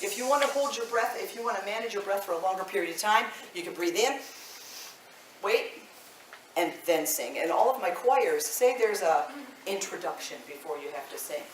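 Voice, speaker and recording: A woman in her fifties, a voice teacher leading a live vocal workshop, chatty and animated, laughing often. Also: medium pitch, normal speed, a little hiss or hum. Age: 50s. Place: indoor workshop room. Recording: echoey room, mic at a distance.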